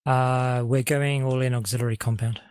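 A man's voice: mid-range voice, fairly even intonation, normal speed, darkish tone, smooth, no room sound, clean studio sound. A man answering his commander over game voice chat with brief radio-style replies. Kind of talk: voice comms, status reports.

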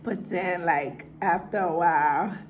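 A woman with a New York accent, telling animated family stories in a casual storytime vlog. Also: fairly low pitch, measured pace, slight background noise. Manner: animated storyteller acting out voices.

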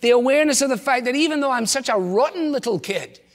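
A man's voice: very high-pitched, lively intonation, quick pace, big-room sound. A man preaching a sermon, earnestly asking his congregation rhetorical questions. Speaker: pastor. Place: church.

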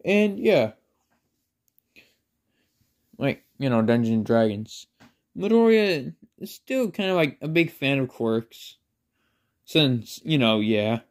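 A man's voice: mid-range voice, big pitch swings, slow, pauses often. A man casually telling a made-up fan story, rambling with lots of filler words and self-conscious asides.

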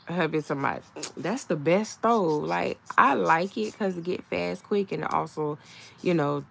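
Low, gravelly woman chatting slowly. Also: a little hiss or hum. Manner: chatty, laughs often, talks to herself and her nails. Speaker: nail vlogger. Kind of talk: casual chat while doing her nails. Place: home, indoors.

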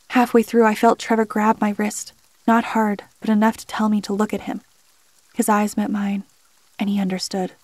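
A woman narrating a first-person horror story in a measured, scripted delivery. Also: medium pitch, a little mellow, no room sound.

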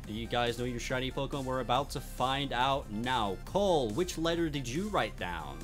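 A man's voice: medium pitch, expressive, normal speed, few pauses, a bit bright, faint music behind. A young man hosting a mock game show among friends, using a put-on announcer voice and laughing at his own slips.

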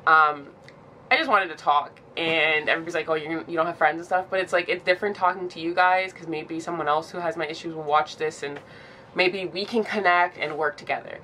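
A woman in her twenties talks through a personal vlog, emotional and close to tears, halting and restarting with many "like"s. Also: low-pitched, sharp tone, a little hiss or hum. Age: 20s. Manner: halting, fills with "like", restarts often. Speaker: vlogger.

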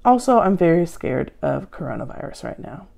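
Female host, low gravelly voice, dark timbre; deadpan, sarcastic comic Q&A. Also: normal speed. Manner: dry, sarcastic, self-mocking. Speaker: show host answering viewer questions. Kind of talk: deadpan comedic Q&A. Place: at home.

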